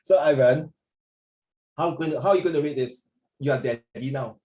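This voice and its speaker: A male teacher on a video call with a fairly high voice, joking and teasing as he corrects a student's reading. He calls the student "my dear" and drifts between coaching and playful asides. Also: moderate pace, mellow, poor audio. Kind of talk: online lesson.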